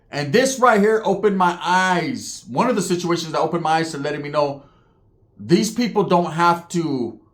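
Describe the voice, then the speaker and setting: Streetwise man telling a story. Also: fairly high pitch. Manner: streetwise, profane, frequent "right?" asides. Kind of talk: casual spoken storytelling.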